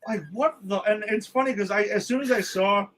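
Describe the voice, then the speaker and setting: A man's voice: sits high, brisk, fairly bright tone, low-quality recording. A man co-hosting a casual movie review podcast, sounding exasperated, swearing and rambling with restarts. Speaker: podcast co-host.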